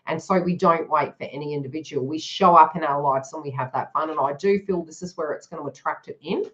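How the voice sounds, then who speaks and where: Chatty lower-voiced woman doing a reading. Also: fast talker, a bit bright, dull audio. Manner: chatty, frank and joking. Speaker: tarot reader. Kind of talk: live-streamed card reading.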